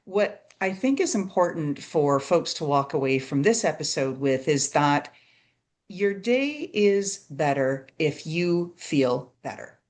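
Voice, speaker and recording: Low-voiced woman hosting a podcast. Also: animated, slow, darkish tone. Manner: conversational, reflective, often tags "right?". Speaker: podcast host. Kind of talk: casual interview chat.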